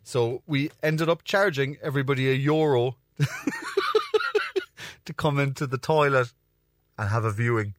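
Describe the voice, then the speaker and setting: A man's voice: huge pitch swings, unhurried, long pauses, dry recording, studio quality. A young Irish man, a comedian hosting his own show, telling a rambling, crude story with plenty of swearing. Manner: rambling, crude, swears freely, acts out voices in a high pitch. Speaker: comedian podcast host. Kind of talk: casual storytelling monologue.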